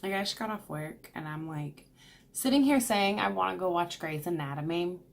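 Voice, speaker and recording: A woman's voice: lowish voice, normal speed, vocal fry. A young woman, chatting casually through an unboxing vlog at home and cooing at her dog. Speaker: beauty vlogger.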